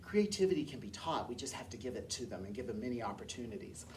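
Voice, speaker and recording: A woman music teacher, enthusiastic and lively, explaining and leading a workshop. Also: a bass voice, quick pace, far from the mic, slight background noise.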